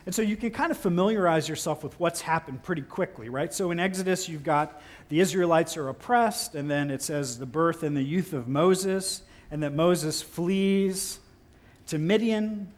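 A man preaching a sermon in a relaxed, conversational and playful way, breaking into exaggerated incredulous outbursts. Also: on the high side, moderate pace. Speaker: pastor.

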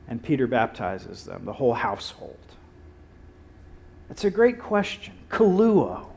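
A male pastor preaching a sermon, telling stories with acted-out quotes and dramatic pauses. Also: mid-range voice, wildly swooping pitch, gravelly, a little mellow.

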